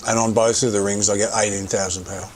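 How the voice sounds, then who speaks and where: Streaming a game, this middle-aged man chats loosely about his gear, occasionally cursing, in casual gameplay commentary. His voice is fairly low with little pitch movement and a quick pace, and there's slight background noise.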